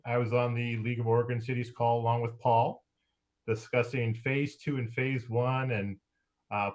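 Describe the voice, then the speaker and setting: Male mayor, halting council report full of fillers, middle pitch. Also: lo-fi sound. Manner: halting, many fillers, occasional laughs.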